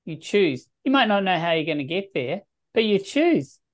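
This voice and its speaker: A woman's voice: lowish voice, big pitch swings, moderate pace. A woman on a group video call asking earnest, probing questions and repeating words for emphasis. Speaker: coaching group member.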